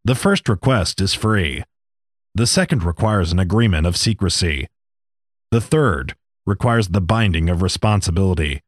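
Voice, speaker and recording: A man voicing an old talking desert snake, calm and matter-of-fact with dry jokes. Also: deep voice, moderate pace, no room sound. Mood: wry. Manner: matter-of-fact, dryly joking.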